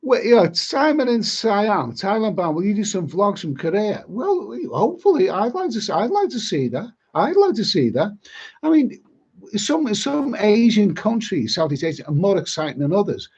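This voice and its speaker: On a live stream with dull lo-fi sound, a middle-aged Liverpool travel vlogger rambles casually and repeats his words. His high voice is husky and darkish, very animated at a moderate pace.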